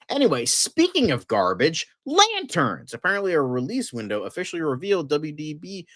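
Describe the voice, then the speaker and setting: A man hosting a casual fan news livestream, excitable and rambling, with lots of fillers and frequent swearing. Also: on the low side, no echo, studio quality.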